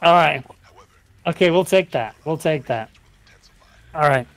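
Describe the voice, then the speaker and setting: A man's voice: on the high side, unhurried, dry recording. A British man co-hosting a live gameplay stream, chatting, joking and repeating giveaway instructions. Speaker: streamer co-host.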